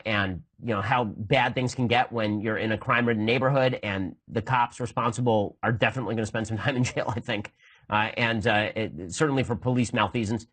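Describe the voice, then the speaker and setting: A man in his thirties hosting a political commentary show, arguing in a rapid-fire, emphatic way while answering listener mail. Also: mid-range voice, fairly bright tone, slightly rough, poor audio. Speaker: podcast host.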